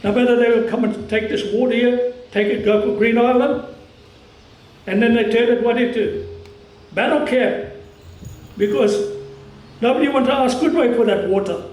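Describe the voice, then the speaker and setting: Forceful Australian man, high voice, echoey. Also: recorded from a distance. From Cairns region, Australia. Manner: strong, forceful delivery, halting phrases. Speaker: community speaker at a commemoration. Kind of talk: impassioned public speech.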